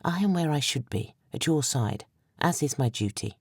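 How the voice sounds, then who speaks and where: A woman narrator voicing a gentle, devoted queen who speaks in a soft, hushed, tender voice. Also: very deep voice, expressive, moderate pace, vocal fry, breathy edge, no room sound, studio quality, exaggerated voice.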